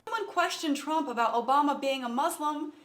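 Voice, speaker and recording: A woman's voice: high voice, a little fast, a bit bright. A woman giving sarcastic political commentary, mocking what she quotes. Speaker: video commentator.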